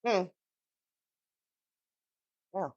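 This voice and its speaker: A woman's voice: very slow, a little mellow, dry recording, dull audio. A woman co-hosting a casual chat podcast, laid-back and wry. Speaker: podcast co-host.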